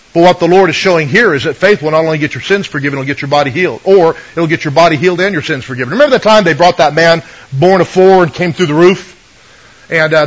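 High-voiced preacher on radio. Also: male voice, a bit bright, poor audio. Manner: conversational preaching, asks the congregation for amens. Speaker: pastor. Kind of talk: sermon.

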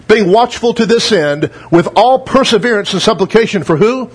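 A middle-aged man preaching a sermon in a high-pitched, husky voice. He reads scripture with weight and emphasis, then breaks into relaxed, conversational remarks to his listeners. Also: normal speed, few pauses. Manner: teaching verse by verse, reading scripture aloud with emphasis; conversational asides to the congregation. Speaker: pastor.

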